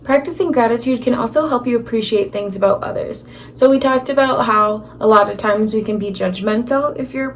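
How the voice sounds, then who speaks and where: A woman's voice: mid-range voice, darkish tone, a little hiss or hum. A young woman talking to camera in a chatty, casual advice vlog, with lots of filler words and self-deprecating asides. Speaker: vlogger.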